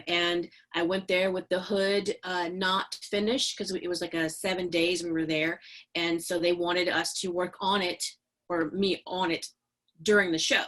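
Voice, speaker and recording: Chatty middle-aged woman telling stories. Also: fairly low pitch. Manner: animated, chatty, many fillers and laughs. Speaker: podcast guest, business owner. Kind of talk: casual interview storytelling.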